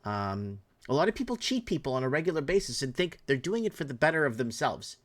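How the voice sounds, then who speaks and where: A man's voice: mid-range voice, big pitch swings, quick pace. Middle-aged guy ranting, indignant, voice swings up and down a lot, keeps restarting his words. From Canada. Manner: indignant and heated, with repeated restarts. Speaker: commentator. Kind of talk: impassioned rant to camera.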